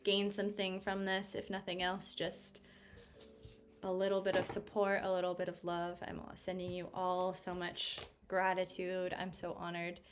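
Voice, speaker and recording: A woman's voice: lowish voice, completely flat delivery, moderate pace, slight background noise. A woman giving a casual tarot reading, bubbly and effusive, laughing often. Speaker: tarot reader.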